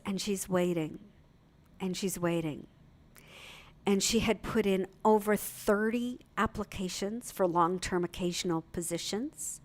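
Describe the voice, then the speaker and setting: A middle-aged woman giving an inspirational sermon, telling a story expressively and dropping into soft asides. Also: medium pitch. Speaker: minister.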